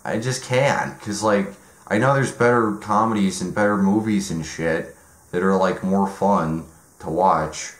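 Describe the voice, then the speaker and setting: Low-voiced man rambling in an echoey room. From United States. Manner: rambling, halting, heavy on fillers and swearing. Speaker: comedic ranter. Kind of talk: deadpan comedic rant.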